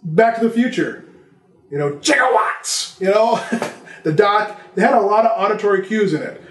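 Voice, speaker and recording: A man's voice: high-pitched, brisk, roomy sound, slight background noise. A man giving a casual vlog lesson on filmmaking, talking conversationally and listing examples. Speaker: filmmaking instructor.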